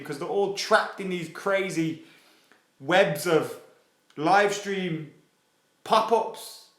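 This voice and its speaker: Lad hosting a late-night fan stream, fired up and swearing, slightly high voice, echoey room. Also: male voice, takes it slowly. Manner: excitable, sweary, reads viewer comments aloud. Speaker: football fan channel host. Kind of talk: casual live stream chat. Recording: roomy echo.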